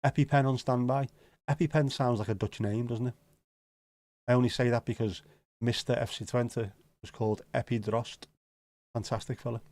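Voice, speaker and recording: A man's voice: medium pitch, fairly even intonation, moderate pace, a little mellow. A man with a Scouse accent hosting a casual livestream, rambling and joking as he answers viewer comments, swearing now and then. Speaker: livestream host.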